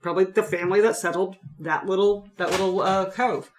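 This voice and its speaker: Man, high pitch, halting casual talker, roomy echo. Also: fairly even intonation, slight background noise. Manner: hesitant, lots of fillers. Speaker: podcast co-host. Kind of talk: casual chat.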